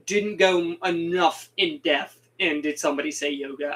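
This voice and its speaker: A man's voice: a little high, moderate pace, fairly bright tone, rough recording. A young man hosting a casual gaming video, rambling animatedly and laughing often as he sums up a mission. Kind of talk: casual game commentary.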